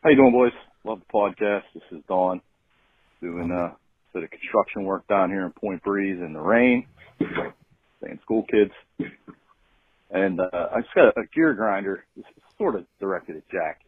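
Husky deep-voiced caller on a muffled line. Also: male voice, lively intonation, moderate pace, long pauses, no room sound. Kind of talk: voicemail to a podcast. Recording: muffled lo-fi phone message.

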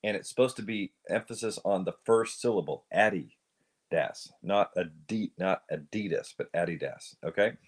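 A man's voice: on the low side, fairly quick, hardly any pauses. A man co-hosting an audio-only podcast, reading from an article in a playful, teasing way. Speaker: podcast co-host. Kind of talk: casual podcast chat.

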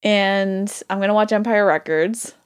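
A woman's voice: medium pitch, a little slow, clear, resonant tone. A young adult woman co-hosting a podcast in casual chat, chatty and eager to tell stories. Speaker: podcast co-host.

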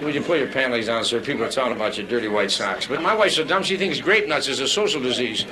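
Brash nightclub comic, fast and rambling. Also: male voice, medium pitch, expressive, very noisy. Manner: brash, rambling, crude banter with the crowd. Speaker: stand-up comedian. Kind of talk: nightclub stand-up routine. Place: nightclub before a live audience. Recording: live club recording with audience. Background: audience laughter.

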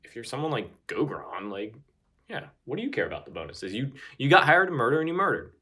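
A man's voice: medium pitch, very animated, quick pace, sharp tone, husky. A man co-hosting a casual chat, tossing out dry wisecracks and musing aloud. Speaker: podcast co-host.

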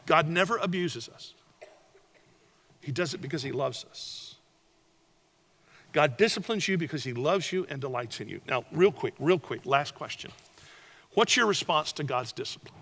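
An older man preaching a sermon, telling animated stories and swinging between loud and hushed delivery. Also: a little high, normal speed, long pauses. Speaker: pastor.

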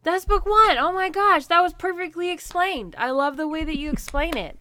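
A woman's voice: very high-pitched, normal speed, a crowd in the background. A woman hosting a casual chat about a comic book, encouraging her co-host and often asking checking questions.

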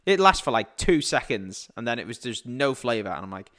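A man's voice: medium pitch, very animated, brisk, fairly bright tone. A man with a mild Liverpool accent, co-hosting a podcast in sweary, jokey casual chat. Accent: mild Liverpool English. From England. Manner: sweary, laughing, jokey storytelling. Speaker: podcast co-host.

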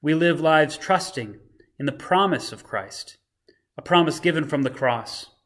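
A man, a pastor, reading scripture and giving a short devotional sermon in a measured, earnest way. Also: on the high side, animated, a bit bright. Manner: measured, earnest reflection with dramatic readings of quoted lines.

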